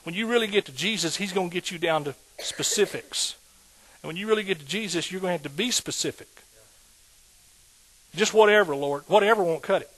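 A man preaching a sermon in a lively call-and-response manner, asking the congregation questions. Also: sits high, a little fast.

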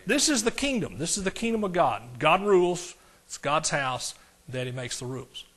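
Male pastor, sermon delivery, slightly high voice, dynamic and conversational with the crowd. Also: normal speed. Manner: animated, swings from loud preaching to quiet asides; talks directly to the congregation, asks questions.

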